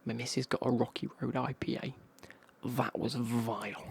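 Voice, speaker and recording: A man from England with an English accent, telling a casual travel story in a whispered ASMR style, in a husky whisper with slang. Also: mid-range voice, little pitch movement, moderate pace. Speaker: ASMR creator.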